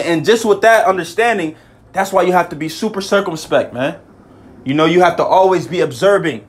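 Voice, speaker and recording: A man teaching scripture in a casual, excitable way, often adding "man" and "you know", reading verses slowly. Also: sits high, breathy edge. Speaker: bible teacher.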